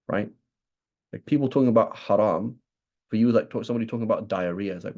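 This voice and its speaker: British male teacher, low mellow voice, chatty lesson style, keeps checking in with "right?". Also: fast. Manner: keeps asking "right?", acts out imagined speakers. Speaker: religious teacher. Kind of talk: conversational lesson.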